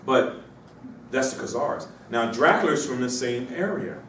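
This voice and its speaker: A man's voice: medium pitch, animated, measured pace, a bit bright. Man, instructor, has a cold, rambling lecture, rhetorical questions, distant mic, echoey classroom, faint hiss. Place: university classroom.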